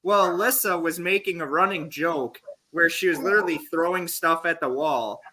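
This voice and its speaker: A man's voice: a little high, moderate pace, bright, forceful tone. A man co-hosting a comedy podcast, telling a story and laughing often. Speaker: podcast co-host. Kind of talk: crude comedic banter.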